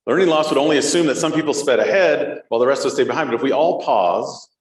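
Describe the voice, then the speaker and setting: A man's voice: mid-range voice, fast, roomy sound, low-quality recording. Playful man hosting a live podcast. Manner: playful, jokey, engages the crowd. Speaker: podcast co-host. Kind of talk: live podcast chat with audience. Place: conference room with live audience.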